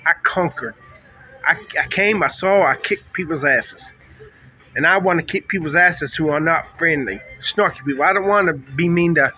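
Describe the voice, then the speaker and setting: A man's voice: fairly high pitch, slightly rough. Bitter middle-aged man ranting, lo-fi. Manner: bitter, ranting, halting restarts. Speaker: vlogger. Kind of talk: rambling vlog monologue. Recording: dull lo-fi sound with faint music.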